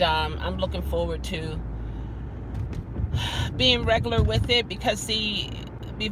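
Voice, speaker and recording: A woman chatting casually to her livestream viewers while driving, rambling, greeting commenters by name and repeating a favorite exclamation. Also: medium pitch. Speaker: vlogger and rideshare driver. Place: inside a car driving on city streets. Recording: car and street noise behind.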